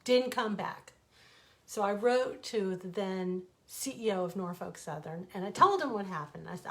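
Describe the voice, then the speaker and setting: A middle-aged woman, an author, telling a personal story from home in a casual, animated way, rambling with asides and self-corrections. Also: mid-range voice, moderate pace. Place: her home.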